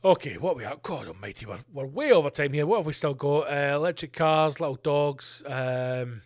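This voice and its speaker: A man's voice: fairly high pitch, lively intonation, normal speed. A middle-aged man hosting a solo podcast, ranting in a sweary, sarcastic way. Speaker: podcast host.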